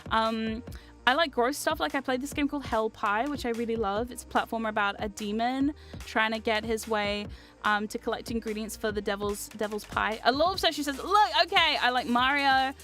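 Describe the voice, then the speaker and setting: A woman's voice: a little high, a little fast, fairly bright tone. A young woman streamer chatting casually and animatedly, reading chat aloud and swearing freely. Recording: faint music behind.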